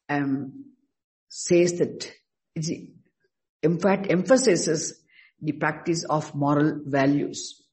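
High-voiced man teaching scripture, halting. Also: a little mellow, low-quality recording. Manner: halting, restarts words, slow emphatic stresses. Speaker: Vedanta teacher. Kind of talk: spoken scripture class.

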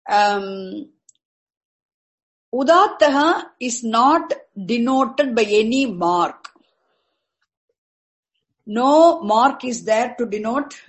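Woman, high voice, patient teacher who repeats herself often. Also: low-quality recording. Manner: patient, repetitive, restarts words and spells out terms slowly. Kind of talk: explaining Vedic chanting accents to a class.

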